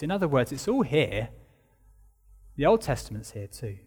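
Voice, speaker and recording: Earnest preacher in a reverberant church. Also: male voice, mid-range voice, sing-song, normal speed, darkish tone, breathy edge. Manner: earnest, stresses key words, repeats phrases. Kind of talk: sermon.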